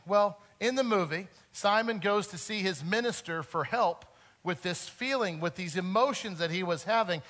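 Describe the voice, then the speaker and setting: A man preaching a sermon earnestly, swinging between loud emphasis and soft, quiet moments. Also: sits high, moderate pace. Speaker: pastor.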